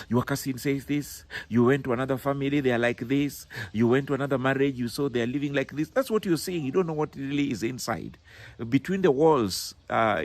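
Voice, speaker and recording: A man's voice: mid-range voice, breathy edge. A middle-aged man giving motivational marriage advice, emphatic and repeating his key words. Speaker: business and personal growth speaker.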